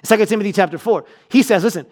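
High-voiced preacher telling a story. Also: male voice, racing. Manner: storytelling, animated, repeats key lines for emphasis. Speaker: pastor. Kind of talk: sermon with personal story.

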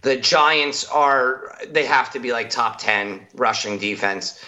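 A man's voice: mid-range voice, slow pace, sharp tone. A man co-hosting a casual sports betting chat, blunt and contrarian. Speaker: podcast co-host. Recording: dull lo-fi mic.

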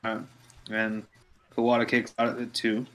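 A man's voice: medium pitch, completely flat delivery, measured pace, fairly bright tone, a little hiss or hum, rough recording. A man rambling and stammering through casual, profane banter while watching wrestling with friends.

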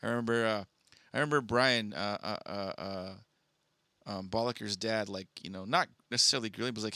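Young man, gravelly voice, bright tone, rambling podcast chat, dry close sound. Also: fairly low pitch, a little fast, no room sound. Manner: relaxed, rambling, filler-heavy. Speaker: podcast co-host. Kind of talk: casual storytelling chat.

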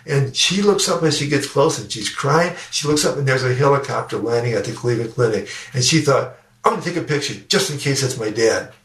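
Heard from a distance in a roomy recording, an older educator and speaker guests on a podcast interview, earnestly sharing a personal story. His medium-pitched voice is expressive, brisk and a bit bright, and he repeats his words often.

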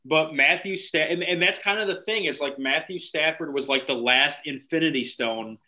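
Bright-voiced, reflective podcast man. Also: on the high side, normal speed. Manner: loose, reflective, full of "like". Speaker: podcast co-host. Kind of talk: casual sports podcast chat.

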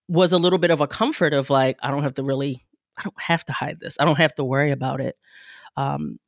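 A woman hosting an interview podcast, asking reflective, rambling questions and getting animated when reacting. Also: sits low, dry recording, clean studio sound. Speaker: podcast host. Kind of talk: conversational interview.

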